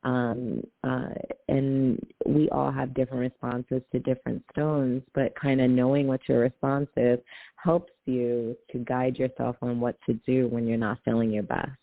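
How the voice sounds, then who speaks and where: Woman guest, flat and gravelly, eager and rambling, dry tinny phone sound. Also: rumbling low, unhurried, no echo. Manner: enthusiastic, filler-heavy, laughs often. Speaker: guest, aura photographer. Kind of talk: casual interview chat.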